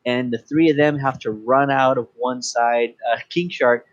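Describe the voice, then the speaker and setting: A man's voice: mid-range voice, fairly even intonation, moderate pace, dry recording. A man co-hosting a casual movie review podcast, talking with enthusiasm and acting out lines in funny voices. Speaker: podcast co-host. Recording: dry dull lo-fi sound.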